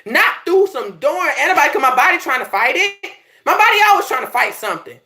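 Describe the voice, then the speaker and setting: A Belizean woman coaching her viewers, her voice swooping high and low as she preaches and calls out to "y'all". She sits a little higher than most women and talks in a direct, fired-up way. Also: very animated, fairly quick, bright, forceful tone. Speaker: life coach. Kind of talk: motivational talk to viewers.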